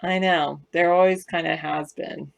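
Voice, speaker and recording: A woman's voice: fairly low pitch, steady tone, a little slow, creaky. A woman from West Virginia with a Southern Californian accent, chatting casually on a live stream and answering viewer comments in a rambling, self-correcting way.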